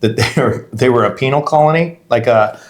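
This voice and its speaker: Middle-aged male podcast co-host, rambling casual storyteller, mid-pitched. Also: fairly quick. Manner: rambling, self-interrupting, laughs while telling stories. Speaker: podcast co-host, real estate agent.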